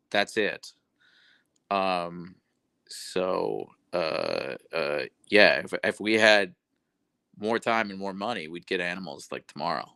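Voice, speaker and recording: Young adult man, livestream host, rambling casual chatter, lively pitch, dry close sound. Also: dry recording. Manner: rambling, self-correcting, reads chat messages aloud. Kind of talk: casual live-stream chat.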